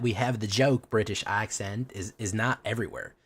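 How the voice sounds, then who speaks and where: A man's voice: lowish voice, normal speed, hardly any pauses, a bit bright, breathy edge. A man streaming a card game, chatting casually with his viewers and rambling as he plays. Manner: rambling, talkative, answering chat questions.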